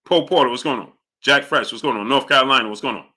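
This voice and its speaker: A man hosting a live boxing chat stream who reads super chats, argues with viewers and keeps demanding yes-or-no answers. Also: fast. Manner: argumentative, repeatedly demanding answers; greets chatters in a low, quiet aside. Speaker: boxing talk show host.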